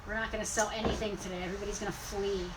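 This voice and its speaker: A woman co-hosting a toy store live sale, brisk and teasing in casual chat. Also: medium pitch, little pitch movement, recorded from a distance. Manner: teasing, brisk, self-mocking. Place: inside a toy and collectibles store. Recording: off-mic with clear background noise.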